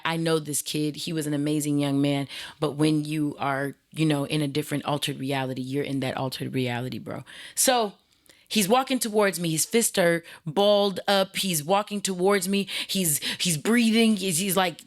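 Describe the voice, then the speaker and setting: Woman host, low voice, blunt and animated, casual storyteller with frequent restarts. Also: normal speed.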